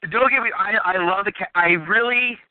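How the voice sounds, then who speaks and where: A man's voice: sits high, a little fast, dry recording. A man as a podcast guest, chatting enthusiastically and rambling with restarts. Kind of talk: casual chat. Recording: phone-like narrow sound, dry.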